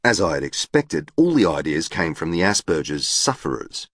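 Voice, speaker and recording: A man's voice: low voice, big pitch swings, normal speed, a bit bright, dry recording, studio quality. A man narrating an audiobook in a formal, literal, precise manner. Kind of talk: scripted narration.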